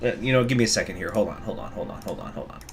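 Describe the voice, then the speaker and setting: A man's voice: lowish voice, lively intonation, rapid-fire, a little hiss or hum. A man streaming a narrative game, chatting casually and self-deprecatingly into a desk microphone. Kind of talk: casual livestream commentary.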